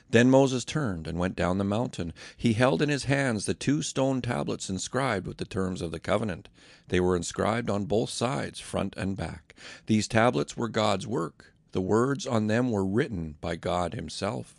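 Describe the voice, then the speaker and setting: Male narrator for scripture reading, measured and dramatic, low gravelly voice. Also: lively intonation, dry recording.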